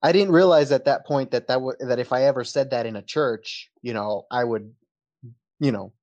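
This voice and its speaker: A man with a light Texan accent talks casually as a podcast guest. His voice sits at an ordinary middle pitch, and he tells long stories with easy laughter breaking through. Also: moderate pace, darkish tone, muffled recording. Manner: laughs often, storytelling.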